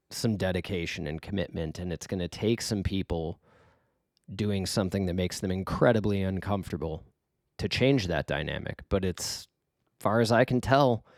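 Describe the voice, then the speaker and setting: A man's voice: deep voice, a little mellow, dry recording, studio quality. A middle-aged man talking casually and earnestly, rambling with fillers and restarts as he gives advice. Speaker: podcast host giving life advice. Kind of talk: casual reflective monologue.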